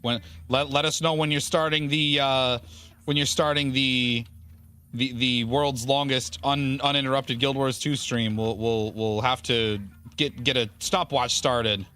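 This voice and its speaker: A man's voice: mid-range voice, steady tone, unhurried, sharp tone, clean tone. A man streaming a video game, chatting casually and rambling with viewers in a self-deprecating way. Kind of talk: casual gaming stream chat.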